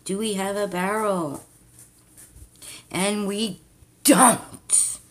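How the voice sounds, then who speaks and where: A woman's voice: lowish voice, lively intonation, slow. A woman chatting casually to her viewers as she plays a scratch-off card, with mild cursing. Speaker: vlogger.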